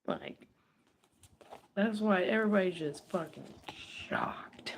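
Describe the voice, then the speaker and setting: A woman giving a casual psychic reading aloud, talking loosely and swearing, moving between hushed murmurs and excited bursts. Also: lowish voice, unhurried, gravelly, slight background noise. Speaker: psychic reader. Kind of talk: casual spoken card reading.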